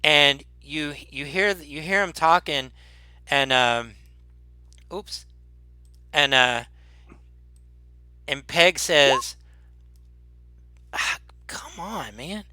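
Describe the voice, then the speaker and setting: A man narrating as game master in a tabletop game, halting and rambling, often laughing. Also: fairly high pitch, pushed and bright, clean tone, no echo.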